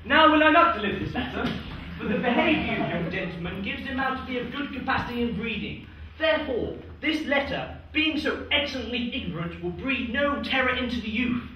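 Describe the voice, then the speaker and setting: A student actor playing a boisterous, scheming drunken knight in a Shakespeare stage performance, loud and declamatory. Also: male voice, very high voice, animated, a little fast, muffled recording, slight background noise. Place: theatre stage. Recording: echoey hall from far off.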